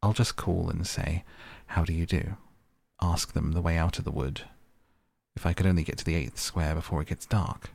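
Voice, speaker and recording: A man's voice: low-pitched, steady tone, moderate pace, creaky, a little mellow, no echo. A man reading the part of a curious young girl who rambles and muses aloud to herself in a storybook. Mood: musing.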